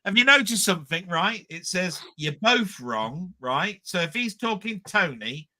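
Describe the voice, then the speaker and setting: A man's voice: high voice, animated, a little slow, bright, forceful tone. A man from southern England joking and grumbling in casual live-stream banter, swearing freely. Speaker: co-host.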